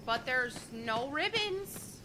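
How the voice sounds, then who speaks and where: High-voiced woman streamer, noisy mic. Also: animated, takes it slowly. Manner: chatty, exasperated, talks to chat. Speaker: game streamer. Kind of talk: casual let's-play commentary.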